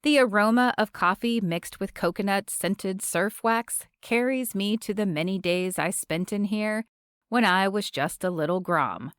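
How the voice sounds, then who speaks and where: A woman narrating a romance audiobook in a measured, expressive reading from a close studio mic. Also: mid-range voice, clear, resonant tone, dry recording.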